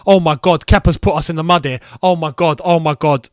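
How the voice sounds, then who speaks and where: A young man hosting a live football watchalong, reacting excitedly to play and reading viewer comments aloud. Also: fairly high pitch, a little fast, hardly any pauses, no room sound, clean studio sound. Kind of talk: live match commentary and chat.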